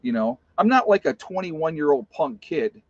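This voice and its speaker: A man in his fifties rambles through a personal story in a casual way, full of "you know" and restarts. His voice sits on the high side and sounds very animated at a moderate pace. The recording is dry and slightly dull, with no room sound.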